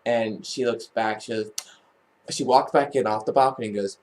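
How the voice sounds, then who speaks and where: A man's voice: medium pitch, fairly even intonation, normal speed. A man vlogging, telling a personal family story in a casual, rambling way, with many restarts and false starts.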